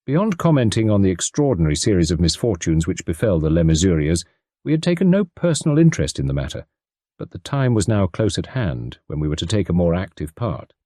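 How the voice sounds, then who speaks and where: A man narrating a classic detective story as an audiobook, measured and expressive. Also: low-pitched, no echo, clean studio sound. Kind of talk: scripted narration.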